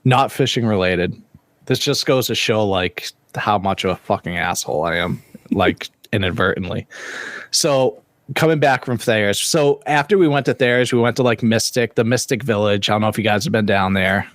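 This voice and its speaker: A man co-hosting a podcast, telling stories in a loose, profane, animated way. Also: lowish voice, brisk, no room sound. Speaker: podcast co-host. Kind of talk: casual chat.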